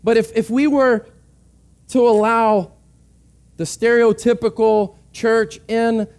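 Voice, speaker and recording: High-voiced earnest male pastor. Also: little pitch movement, takes it slowly, darkish tone. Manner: earnest, repeating words as he restarts. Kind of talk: sermon.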